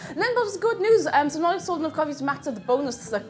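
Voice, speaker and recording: A woman chatting bubbly and excitably on a livestream while cooking, now and then breaking into shouted cheers. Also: sits high, racing, faint music behind. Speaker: streamer.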